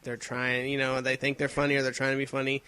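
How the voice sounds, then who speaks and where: A man's voice: mid-range voice, completely flat delivery, quick pace, bright, forceful tone, clear, resonant tone. A man co-hosting a casual gaming podcast, rambling and opinionated, with lots of fillers. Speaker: podcast co-host.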